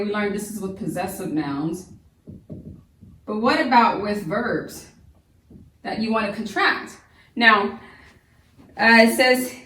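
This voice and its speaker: A woman's voice: mid-range voice, fairly bright tone. A woman homeschool teacher giving a recorded grammar lesson, chatty and repetitive, often restarting her sentences. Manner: chatty, repeats and restarts, many fillers. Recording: roomy echo, voice from a distance.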